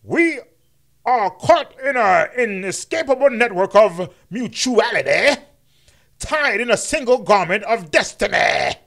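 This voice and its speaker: A booming, solemn preacher-orator, as a man puts him on with a high, soaring pitch that climbs and falls widely. He swells each phrase in a slow sermon cadence, stretching the words out grandly. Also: sing-song, vocal fry, fairly bright tone, full character voice. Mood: orating.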